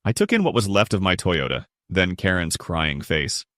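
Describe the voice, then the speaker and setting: A man's voice: low-pitched, sing-song, moderate pace, a bit bright, no echo, clean studio sound. A young adult man narrating a first-person family story in a blunt, resentful tone.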